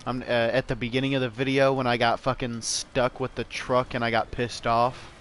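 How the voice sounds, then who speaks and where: A man's voice: mid-range voice, flat delivery, moderate pace, a bit bright, a little hiss or hum. A young man giving loose, profane commentary while he plays a game, rambling casually and calling his viewers "bro" and "man.". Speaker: gameplay streamer.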